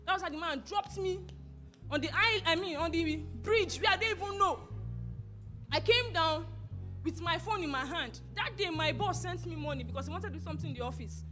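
Bright high Nigerian woman giving testimony. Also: brisk, soft background music. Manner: animated storytelling, switches into Pidgin. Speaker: church member giving testimony. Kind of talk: personal testimony at church service. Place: church.

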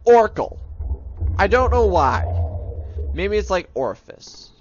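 A man's voice: high-pitched, sing-song, unhurried, darkish tone. A young man casually commenting on a horror game as he plays, joking and talking to a monster as if it were a pet dog. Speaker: gaming video host. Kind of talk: let's play commentary. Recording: dull lo-fi sound with background noise.

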